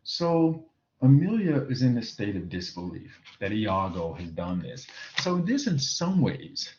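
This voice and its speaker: Deep-voiced man giving a recorded lecture. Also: big pitch swings, unhurried, a little mellow, muffled recording. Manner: explains with frequent fillers and "right?", reading quoted lines aloud. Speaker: teacher.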